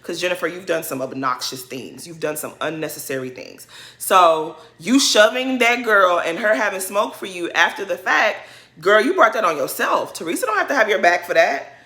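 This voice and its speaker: A woman's voice: on the low side, expressive, moderate pace, pushed and bright. A woman giving a blunt, opinionated recap of a reality TV episode, scolding the cast directly with slangy asides. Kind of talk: opinionated casual commentary.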